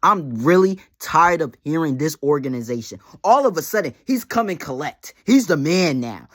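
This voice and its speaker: Animated young man ranting trash talk. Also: fairly high pitch, normal speed, few pauses, no room sound. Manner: heated, mocking, repetitive ranting. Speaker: fantasy league team manager. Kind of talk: casual trash-talk rant.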